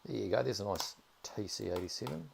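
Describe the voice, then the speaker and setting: Kiwi guy streaming, deep voice, chatty, swears a bit, faint hiss behind. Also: brisk, vocal fry. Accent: New Zealand. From New Zealand. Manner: chatty, drops the odd "bloody", excitable over finds. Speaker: game streamer. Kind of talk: casual live-stream commentary.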